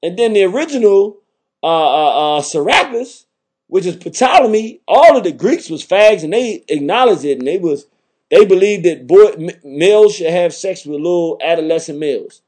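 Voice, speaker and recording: A man's voice: high voice, expressive, moderate pace, darkish tone. A man hosting a talk program, delivering a combative, emphatic monologue. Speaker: radio talk host. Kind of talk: impassioned monologue.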